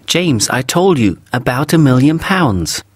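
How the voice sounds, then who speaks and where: A man's voice: mid-range voice, sing-song, unhurried, slightly rough, no room sound, clean studio sound, pitched above the performer's own voice. A man voicing an outspoken young woman who talks emphatically, in a storybook reading. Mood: emphatic.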